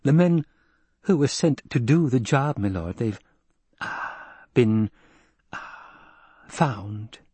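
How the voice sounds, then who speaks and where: A man's voice: mid-range voice, expressive, slow pace, long pauses, mellow, breathy edge, no echo. A man voicing a silky, scheming male advisor who hesitates and defers to his lord. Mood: deferential.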